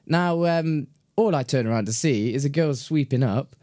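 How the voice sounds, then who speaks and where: A man's voice: medium pitch, animated, a little fast, few pauses, darkish tone, dry recording. Chatty young man telling stories. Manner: chatty, laughs often, rambling. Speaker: podcast co-host. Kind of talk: casual chat, storytelling.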